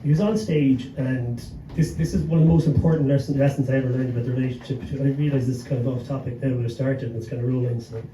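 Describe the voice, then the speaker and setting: A man's voice: medium pitch, fairly even intonation, quick pace, few pauses. An Irish man, a gig promoter on a live panel, telling an anecdote and swearing freely, chuckling as he goes. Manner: swears freely, chuckles through his story. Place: pub venue with a live audience. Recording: echoey room, mic at a distance, background hum.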